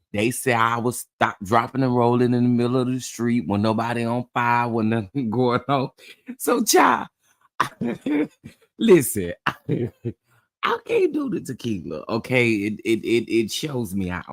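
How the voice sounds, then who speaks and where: A man hosts a casual live stream, greeting viewers by name and laughing as he goes. His voice sits at an ordinary mid pitch, and his manner is sassy and animated. The sound is dry and close, with no room around it. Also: no room sound. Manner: sassy and chatty, calls people honey, child, baby. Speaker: livestream host.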